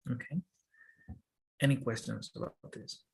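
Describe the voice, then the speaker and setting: A man's voice: mid-range voice, steady tone, measured pace, gravelly, breathy edge. A man whose first language is Spanish, explaining English grammar to a student and checking in often. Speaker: English teacher.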